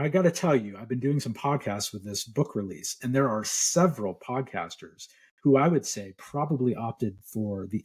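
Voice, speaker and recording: Man, middle-aged, psychologist guest, husky voice, podcast interview, relaxed explaining. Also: medium pitch.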